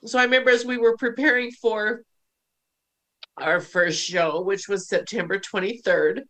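A woman's voice: medium pitch, moderate pace, sharp tone. A middle-aged woman hosting a show, telling a personal story in casual conversation, emotional and laughing at times. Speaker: podcast host.

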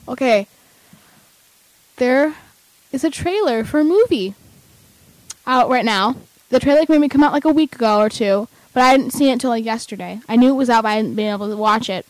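A young woman chatting casually as a vlogger, excitable and rambling with lots of fillers. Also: on the high side, a little fast, dry recording, low-quality recording. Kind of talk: casual chat.

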